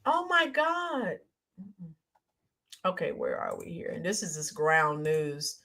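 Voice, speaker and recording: A woman co-hosting a casual political commentary livestream, animated, reading out viewer comments and greeting them by name. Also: low voice, takes it slowly.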